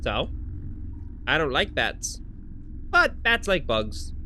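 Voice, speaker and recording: Dude doing a grumpy old fisherman voice, drawly, kinda bright tone. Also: on the high side, very animated, slow, a little hiss or hum, pitched above the performer's own voice, exaggerated voice. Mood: matter-of-fact. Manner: gruff folksy drawl. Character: gruff older male fisherman with a boat.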